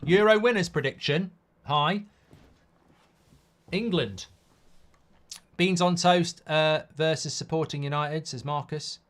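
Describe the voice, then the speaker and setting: A man's voice: on the high side, takes it slowly, pauses often, a bit bright. A man hosting a live football watchalong, casual and blunt, reading out viewer comments between reactions to the match. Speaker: host.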